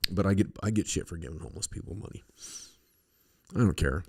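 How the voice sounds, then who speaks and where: This middle-aged podcast host from the western United States talks fast in a deep, breathy-edged voice. His casual monologue rambles through stories, loaded with profanity and filler words.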